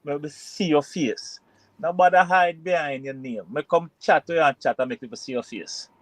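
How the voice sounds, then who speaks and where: A man's voice: on the high side, moderate pace, no echo, low-quality recording. A man with a Jamaican accent co-hosting a casual live-stream chat, joking in loose banter. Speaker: co-host.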